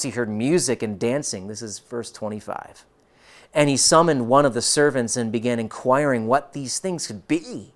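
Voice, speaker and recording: Male pastor, sermon, emphatic, swings soft to loud, middle pitch.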